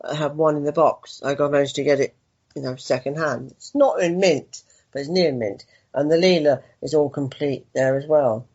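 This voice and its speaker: A man's voice: a little high, normal speed, a little mellow, slightly rough, lo-fi sound. A man talking as a guest in a casual interview, rambling and chatty. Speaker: guest collector.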